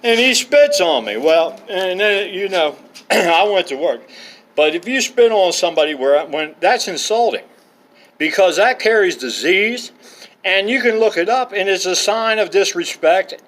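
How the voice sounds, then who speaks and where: A man's voice: high voice, fairly bright tone. Profane, rambling man with a raised voice. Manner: profane, digressive, blunt. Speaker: storyteller. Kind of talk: rambling personal anecdotes.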